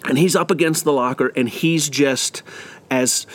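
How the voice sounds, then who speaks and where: A man's voice: medium pitch, a little slow. A man who used to be a teacher, telling a personal story and acting out the dialogue, with frequent restarts and fillers. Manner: animated, acts out the dialogue. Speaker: former teacher.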